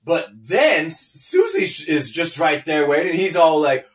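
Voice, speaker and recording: A man's voice: a little high, measured pace, hardly any pauses, echoey room, faint music behind. A man hosting a podcast, chatting casually about wrestling, laughing often and acting out scenes as he retells them. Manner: laughs often, animated retelling with acted-out quotes. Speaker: podcast host. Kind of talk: casual wrestling review chat.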